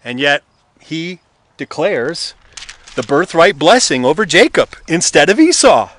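A preacher talks through a sermon in a relaxed, conversational way, his pitch sitting a touch high. He speeds up and slows down freely, and he slips into the voices of the story's characters as he tells it.

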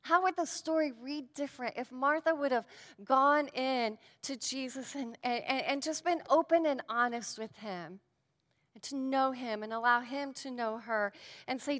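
A woman giving a sermon and a prayer, earnest and shifting between emphatic lines and hushed ones. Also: a little high, unhurried, big-room sound. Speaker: speaker at a devotional.

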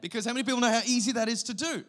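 An Australian man in his thirties, a guest pastor giving a sermon with lively storytelling and sudden loud bursts. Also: extremely high pitch, rapid-fire.

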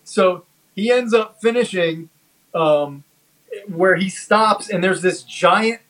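A man co-hosting a casual podcast chat, talking haltingly with many fillers and restarts. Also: high-pitched, a bit bright, low-quality recording. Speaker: podcast co-host. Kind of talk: casual chat reviewing a comedy special.

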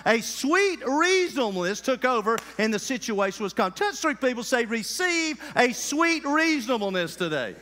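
A male preacher, preaching an animated sermon and calling out to his congregation. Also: very high-pitched, moderate pace, few pauses, in a large hall, a little hiss or hum. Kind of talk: lively sermon. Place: church sanctuary.

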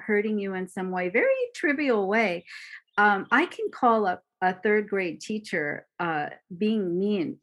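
A woman meditation teacher giving a dharma talk, slow, gentle and reflective, with soft pauses. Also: on the low side.

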